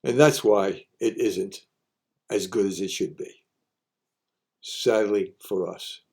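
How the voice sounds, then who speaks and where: Mellow-voiced man repeating folksy sayings. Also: fairly low pitch, takes it slowly. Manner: repeats each saying for emphasis; homespun, plainspoken advice. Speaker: host sharing sayings. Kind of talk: folksy monologue.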